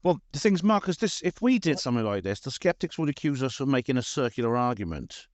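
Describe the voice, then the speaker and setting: A man's voice: medium pitch, very animated, fast, dry recording. Emphatic co-host man, casual talk, dry recording. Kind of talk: casual discussion.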